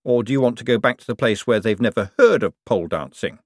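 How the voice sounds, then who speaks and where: A man voicing a confident, smooth-talking male conman in an audiobook, breezy and persuasive. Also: mid-range voice, animated, fast talker, no echo, studio quality.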